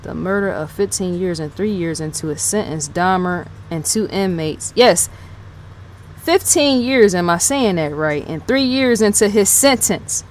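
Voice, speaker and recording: A woman with a somewhat low voice talks off the cuff as a channel host. She rambles and circles back, rereading her own notes aloud. She scatters "yes", "right?" and "in fact" through nearly every sentence. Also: moderate pace, few pauses, slight background noise. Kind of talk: casual unscripted commentary.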